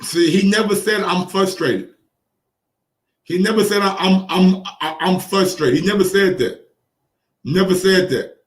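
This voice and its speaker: Excitable high-voiced man in an echoey room. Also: unhurried, pauses often, far from the mic. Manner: excitable, profane, repeats phrases for emphasis. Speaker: boxing commentary channel host. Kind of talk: casual reaction commentary.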